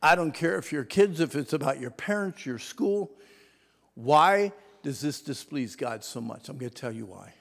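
Gravelly guy preaching sunday school, goes from whispers to shouting, big church echo. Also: a little high, expressive, normal speed. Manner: dramatic swings from whispers to shouting; asks the audience to repeat words. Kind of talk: sermon to a mixed audience of adults, teens and kids. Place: church hall. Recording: long reverb of a church hall.

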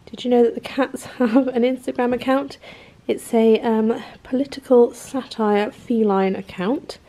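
A woman's voice: on the high side, steady tone, normal speed, hardly any pauses, mellow. A woman, chatting casually and rambling to camera at home in a vlog, with lots of fillers and self-deprecating asides. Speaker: vlogger.

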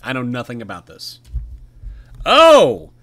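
A man talks through a horror game as he plays, riffing and joking at what he sees. His voice is bright and lively, jumping up and down in pitch. It has the easy sound of a relaxed gaming video. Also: unhurried. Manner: chatty, jokey, talks to the game. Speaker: gaming YouTuber. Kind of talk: casual let's-play commentary.

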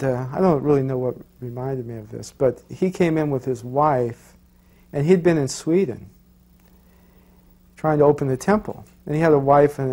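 Dark-voiced man telling a story. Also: a little high. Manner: rambling, many "you know"s and restarts. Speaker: interviewee recalling his guru. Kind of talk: casual storytelling.

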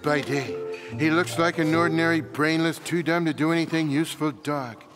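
A man's voice: on the high side, normal speed, natural voice. An actor voicing a lazy, sarcastic male orange cat in a cartoon, with a smug drawl. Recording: music bed under dialogue.

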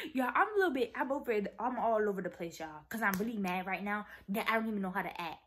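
A teenage girl vlogging to her viewers, animated and exasperated, scolding her younger sister. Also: mid-range voice, quick pace, hardly any pauses, background noise. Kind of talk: casual vlog talk to viewers.

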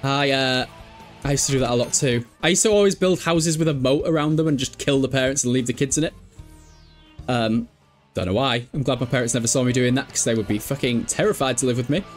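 A man's voice: mid-range voice, fast talker, faint music behind. A young man from England, chatting casually as he streams a game, swearing and laughing often. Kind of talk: casual live game commentary.

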